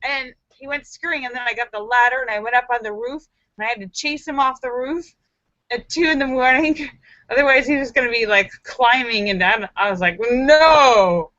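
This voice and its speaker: A woman's voice: a little high, brisk, pushed and bright, dry recording, muffled recording. A woman hosting a casual live stream from home, greeting viewers by name and telling a story with squeals and exclamations. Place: home in the city.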